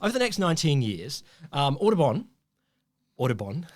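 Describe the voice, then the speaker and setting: A man's voice: on the high side, very animated, moderate pace. Rambling Australian man telling a story. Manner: rambling, self-correcting, chuckling storyteller. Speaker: podcast co-host, storyteller. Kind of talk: casual science podcast chat.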